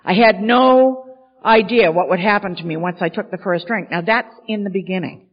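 A woman's voice: medium pitch, normal speed. Woman speaker at a podium, frank, self-mocking storyteller, dull sound, long echoing hall. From Maine. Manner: candid, self-mocking storytelling, many "you know"s. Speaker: speaker sharing recovery story. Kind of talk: storytelling talk at a recovery gathering.

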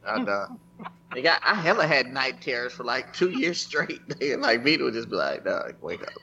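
A man co-hosting a podcast in casual chat, telling animated, profane stories. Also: medium pitch, moderate pace, highs cut off, background noise. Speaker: podcast co-host.

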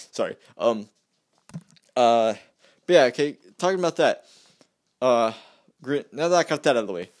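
A man's voice: mid-range voice, animated, unhurried, pauses often. A young man rambling through a casual political rant, repeating himself and mocking the other side. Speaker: vlogger.

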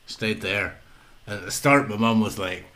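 A man's voice: lowish voice, moderate pace, bright, forceful tone. Teasing man on a podcast. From Northern Ireland. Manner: teasing, rambling storyteller. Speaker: podcast co-host. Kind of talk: casual banter.

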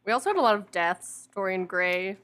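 A woman's voice: medium pitch, animated, a little fast, a bit bright. A young woman chatting casually about a TV show. She sounds exasperated, swears and laughs. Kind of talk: casual chat.

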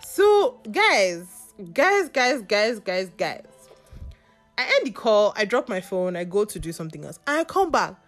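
Lively woman telling gossip. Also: medium pitch, unhurried, faint music behind. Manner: animated, gossipy, swears casually. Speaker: podcast host. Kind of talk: casual storytelling monologue.

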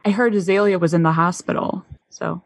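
A woman's voice: on the low side, steady tone, a little fast, no room sound. A woman playing her character in a tabletop game, casual and a little hesitant, joking now and then. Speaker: player.

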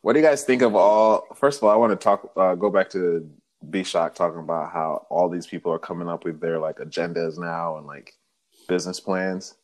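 Man, very low voice, casual chat, slangy, rambling, acted-out quotes. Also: fairly even intonation, moderate pace.

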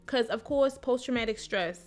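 A woman podcast co-host in casual chat, relaxed and quick to agree. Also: a little high, soft background music. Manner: relaxed, reacts with short agreements.

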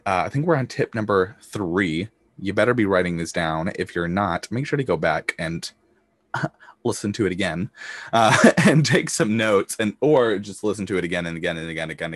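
A man's voice: low voice, dry recording. Pumped-up podcast guy coaching biz, swears a lot, dry close sound. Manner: energetic, emphatic, swears casually, acts out hyped voices. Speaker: podcast host and business coach. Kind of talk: motivational podcast monologue.

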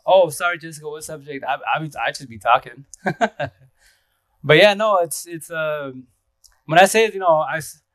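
Fast-talking, rambling man on a livestream. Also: fairly high pitch, a bit bright, dry recording. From Eastern Washington, USA. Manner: rambling, slangy, laughs often, greets viewers. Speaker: livestream host. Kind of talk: casual livestream chat.

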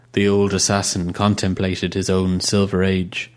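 Man narrating in a low, even voice. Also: unhurried, hardly any pauses. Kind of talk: scripted audiobook narration.

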